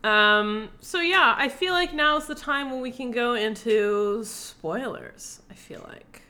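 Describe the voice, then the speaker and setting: A woman's voice: a little high, expressive, takes it slowly, bright, forceful tone. A young woman co-hosting a podcast in casual chat, rambling with lots of filler words and casual swearing. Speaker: podcast co-host.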